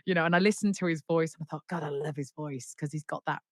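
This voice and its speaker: A woman singer-songwriter telling her story as an interview guest, animated and full of restarts, acting out what people said. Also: deep voice, quick pace, no room sound, studio quality. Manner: animated, acts out quoted dialogue, many restarts.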